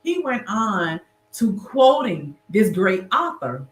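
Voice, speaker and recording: A woman's voice: medium pitch, very animated, slow, reverberant. A woman guest in a casual interview, telling her story earnestly and with animation.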